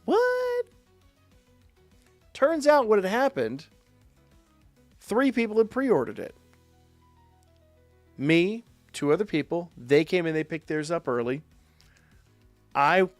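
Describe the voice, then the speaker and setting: A man streaming live, telling a profane, animated story in a casual way. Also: a little high, normal speed, pauses often, no room sound, faint music behind. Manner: profane, animated anecdote with quoted voices.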